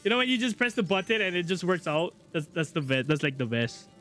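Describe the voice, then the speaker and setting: A man streaming a video game live, excitable, swearing a lot and joking with chat. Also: high voice, quick pace, faint music behind. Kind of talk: live gameplay commentary.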